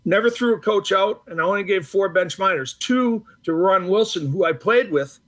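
A man's voice: sits high, moderate pace, fairly bright tone. A man from the Boston area telling anecdotes in a casual interview, acting out quoted exchanges between filler-laden restarts. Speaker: retired hockey referee, guest.

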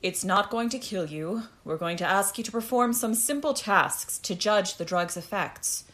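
A woman's voice: animated, normal speed, close to an everyday voice. A woman doing a cold, commanding interrogator. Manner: curt, lower, louder voice.

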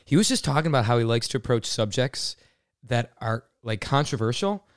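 A young man co-hosting a casual podcast, earnest and friendly, trying hard to speak clearly. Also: mid-range voice, lively intonation, brisk, no echo, clean studio sound. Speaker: podcast co-host.

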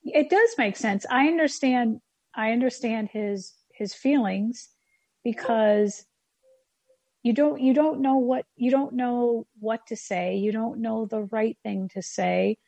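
A woman's voice: fairly high pitch, takes it slowly, vocal fry, dark tone, dry recording. A woman as an interview guest, talking in a reflective, casual way with short searching phrases.

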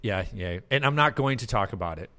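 Low-voiced chatty man hosting a podcast. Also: expressive, a little fast, sharp tone. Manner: chatty, laughs often, loose and conversational. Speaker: podcast host. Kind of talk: casual podcast chat.

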